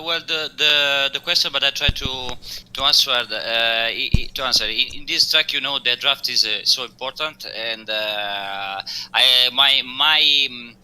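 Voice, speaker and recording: Guy, very bright clear voice, stops a lot looking for english words. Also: mid-range voice, rough recording. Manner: halting, searching for English words with many fillers. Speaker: race driver guest. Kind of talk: post-race interview over voice chat.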